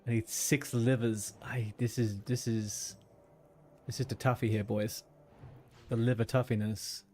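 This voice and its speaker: A man's voice: mid-range voice, little pitch movement, measured pace, darkish tone, faint music behind. A man streaming a game, chatting casually, swearing and muttering to himself as he plays. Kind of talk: casual gaming livestream chat.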